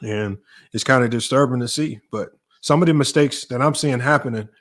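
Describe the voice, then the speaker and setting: An emphatic man breaking down basketball defense in a casual sports debate. He speaks at an ordinary middle pitch and often restarts his phrases while building a point. The tone is that of a coach explaining the game. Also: brisk, a bit bright. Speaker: basketball coach and podcast host.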